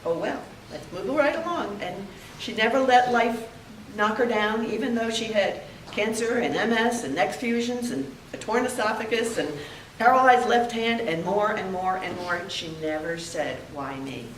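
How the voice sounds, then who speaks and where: An older woman giving a heartfelt memorial tribute, telling stories with pauses. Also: on the high side, slight background noise. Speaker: eulogy speaker. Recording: echoey room, heard from a distance.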